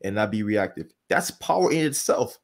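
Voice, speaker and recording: A man's voice: fairly low pitch, animated, normal speed. A man hosting a podcast interview, easygoing and affirming as he leads the conversation. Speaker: podcast host.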